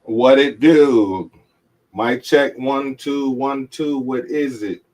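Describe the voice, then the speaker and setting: A man's voice: mid-range voice, takes it slowly, a little mellow, rough recording. Laid-back man doing a mic check. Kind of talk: casual chat over a call.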